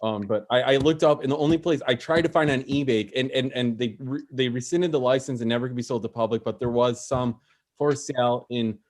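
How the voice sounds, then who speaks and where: A man hosting a comedy open mic over an online stream, his voice sitting at an ordinary middle pitch. He rambles through stories in a loose, profane, casual way, piling up repeats and asides. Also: steady tone, a little fast.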